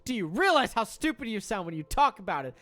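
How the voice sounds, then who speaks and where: A woman's voice: medium pitch, sing-song, fast, a bit bright, pitched above the performer's own voice. A man voicing an exasperated young woman who angrily rants that she is sick of religion. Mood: fed up. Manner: angry, ranting.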